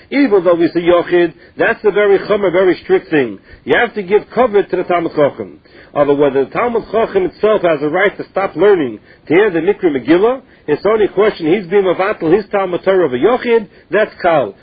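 A man with a high, husky voice teaches a Talmud lesson, reading a phrase and then explaining it in English. His audio comes through a thin, tinny phone line.

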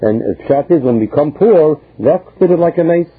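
A man's voice: on the high side, lively intonation, fairly quick, breathy edge. A man explaining a Talmud passage, listing cases and mixing Hebrew terms into English. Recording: tinny phone-like line.

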